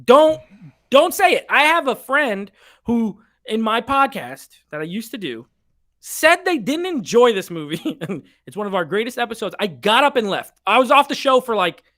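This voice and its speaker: A podcast host chatting casually on a live stream, reading viewer picks aloud in a playful, animated way. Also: mid-range voice, normal speed.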